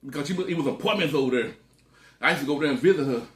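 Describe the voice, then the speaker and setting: A man's voice: fairly high pitch, racing. Slangy man in a roomy echo. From Texas. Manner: slangy, laid-back drawl, frequent exclamations. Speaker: vlogger. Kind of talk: casual storytelling while eating.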